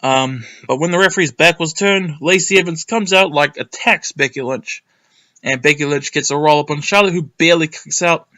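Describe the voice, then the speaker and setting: A young man talks through a wrestling event in a loose, rambling monologue, full of ums and sudden bursts of excitement. His voice sits a little high and sounds bright and sharp. He swears casually as he goes. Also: normal speed. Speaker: wrestling reviewer.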